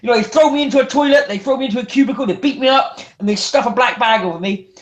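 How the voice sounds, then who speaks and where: A man, a guest wrestler telling stories in a casual interview. He talks in an animated way, restarts his sentences often and acts out other people's voices. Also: very high voice, rapid-fire, reverberant.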